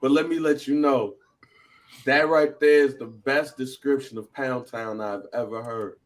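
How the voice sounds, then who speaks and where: A man co-hosting a casual podcast, joking and laughing as he talks. His voice keeps jumping up into high, animated bursts, and he sits at an everyday middle pitch. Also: unhurried. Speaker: podcast co-host.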